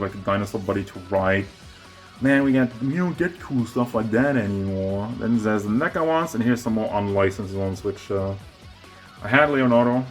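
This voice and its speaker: A man touring his toy collection at home, rambling and self-mocking, out of breath as he moves around with a handheld camera. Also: on the low side. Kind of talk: casual collection tour. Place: home with figure shelves, indoors. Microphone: handheld camera moving around.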